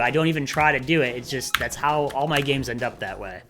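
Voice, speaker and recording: A man's voice: medium pitch, a little fast, over music. A man streaming himself playing games live, chatting in a rambling, casual way and muttering to himself as he clicks around. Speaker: game streamer.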